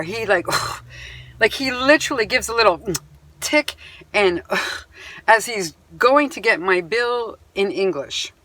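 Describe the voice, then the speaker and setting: Her voice medium in pitch, pushed and bright, a Canadian vlogger angrily recounts what happened to her, sighing and reading off a bill's items with emphasis. The sound is dry and close, with no room sound.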